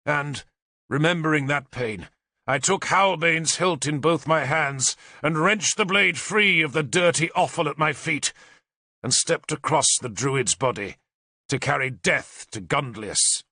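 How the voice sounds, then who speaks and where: A man's voice: on the high side, unhurried, bright, forceful tone, no room sound, clean studio sound. A man narrating an audiobook in a dramatic, intense storytelling manner.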